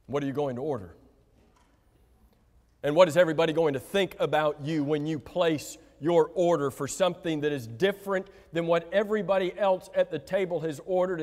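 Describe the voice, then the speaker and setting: A man's voice: fairly high pitch, a little mellow. Man, preacher, sermon, emphatic, questions the congregation, long church reverb. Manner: emphatic, slows down to stress key words; asks the congregation direct questions. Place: church sanctuary.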